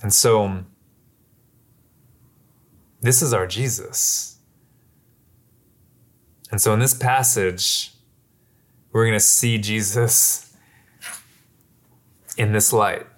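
A man's voice: fairly low pitch, steady tone, extremely slow, pauses often. A man preaching a sermon in a casual, conversational way, with many fillers and asides. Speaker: pastor.

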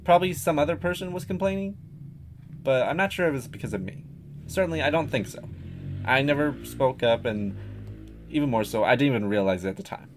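A man's voice: medium pitch, animated, a little fast, faint music behind. A man talking casually as a podcast guest, rambling and hesitant with many fillers and restarts. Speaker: guest artist.

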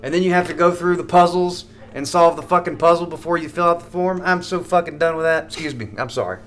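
A man's voice: on the high side, quick pace, fairly bright tone. A man who does stand-up comedy, chatting as a podcast guest in a comedy club, joking and rambling with plenty of profanity. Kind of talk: casual joking chat.

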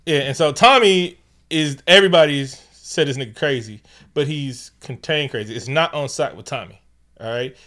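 Animated, profane man recapping a movie. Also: on the high side, moderate pace. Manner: animated, profane, acts out quotes in bursts. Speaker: podcast co-host. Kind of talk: casual movie recap chat.

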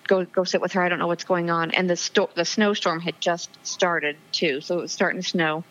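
Interview guest, woman, 40s, earnest and emotional, lots of ums, slightly low voice, muffled phone audio. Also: fairly even intonation, brisk, a bit bright. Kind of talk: personal testimony in interview.

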